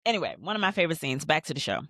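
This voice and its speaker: A woman hosting a TV show rewatch, recapping scenes in a rambling, animated, profane way. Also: low-pitched, racing, no echo, clean studio sound. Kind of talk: casual episode recap and commentary.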